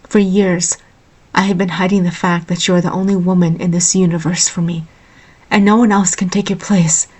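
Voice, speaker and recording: A woman voicing a devoted young male royal guard in a storybook reading, speaking softly and earnestly. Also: on the low side, little pitch movement, moderate pace, slightly rough. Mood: tender.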